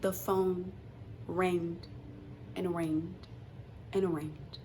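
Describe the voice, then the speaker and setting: Animated young woman telling a storytime. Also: medium pitch, unhurried, slight background noise. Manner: animated, acts out quotes, swings between hushed and loud. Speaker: vlogger. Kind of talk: casual storytime.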